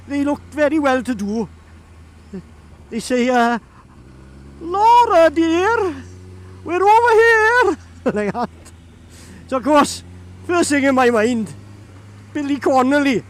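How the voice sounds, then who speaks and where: A man's voice: very high-pitched, a little hiss or hum. A young Welsh man with a Welsh accent, chatty and laughing as he tells a story casually, outdoors by a road. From Wales. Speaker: vlogger. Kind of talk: casual anecdote.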